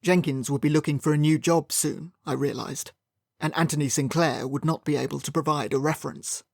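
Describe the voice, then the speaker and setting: A man's voice: a little high, fairly even intonation, fairly quick, gravelly, dry recording. A man narrating a mystery audiobook in the first person, with dry, wry storytelling.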